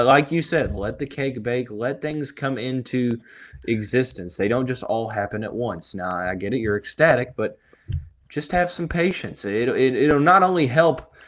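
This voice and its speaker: A man hosting a sports podcast, talking in a relaxed, reassuring way with many fillers. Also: medium pitch. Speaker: podcast host. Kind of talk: casual sports talk.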